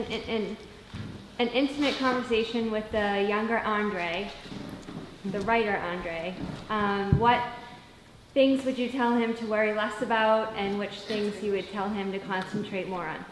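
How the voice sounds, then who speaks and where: Woman in the crowd asking a question, halting, stumbling a bit, echoey noisy room. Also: on the high side. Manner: hesitant, halting. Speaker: audience member asking a question. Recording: echoey hall with clear noise.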